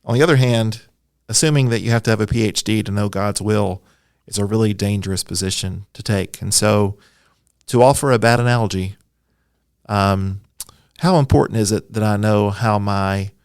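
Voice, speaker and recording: A man's voice: fairly low pitch, moderate pace, gravelly, smooth, no room sound, clean studio sound. A man, a Bible scholar guest, explaining at length in a friendly, enthusiastic podcast interview, with a self-deprecating touch.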